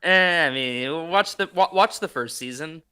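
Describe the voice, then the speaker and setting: Bright-voiced man rambling on tangents. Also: on the high side, a little slow, smooth. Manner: rambling, filler-heavy storytelling. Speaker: podcast co-host. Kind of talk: casual roundtable chat.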